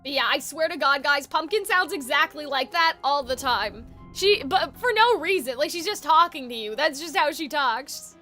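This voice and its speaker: Brief: woman game streamer, chatty and offhand, high pitch. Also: expressive, moderate pace, hardly any pauses, sharp tone, soft background music. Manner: casual, swearing.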